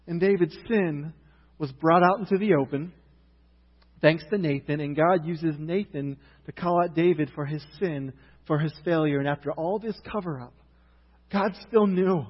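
Animated man preaching in a reverberant hall. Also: sits high, normal speed, husky, highs cut off. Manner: storytelling, animated retelling with rising outrage. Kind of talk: sermon.

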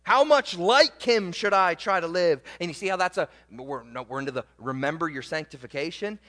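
A man preaching a sermon as pastor, moving between loud, emphatic proclaiming and quiet, low asides to the congregation. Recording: long reverb of a church hall.

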